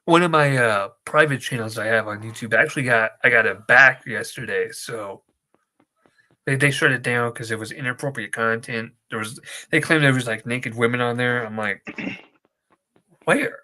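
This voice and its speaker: A man's voice: mid-range voice, moderate pace, bright, forceful tone. A man co-hosting a wrestling podcast, chatting casually and telling rambling, jokey stories. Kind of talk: casual chat.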